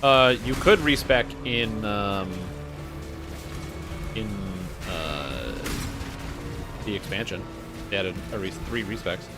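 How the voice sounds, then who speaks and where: A man's voice: lowish voice, lively intonation, takes it slowly, long pauses. A man in his twenties streaming a game, rambling casually, swearing and chatting to his viewers. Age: 20s. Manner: rambling, swearing, talks to himself and chat. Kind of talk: casual gaming commentary. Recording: music playing behind.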